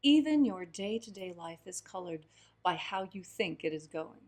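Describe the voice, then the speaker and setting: A woman co-hosting a livestream, chatting and telling a parable in a lively way. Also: fairly low pitch, moderate pace. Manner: affirming, animated storyteller. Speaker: co-host. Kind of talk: conversational teaching and storytelling.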